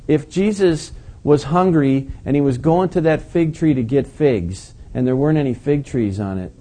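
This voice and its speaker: A man's voice: medium pitch, warm tone. A man preaching a sermon in a conversational, questioning way, stressing his points with emphasis.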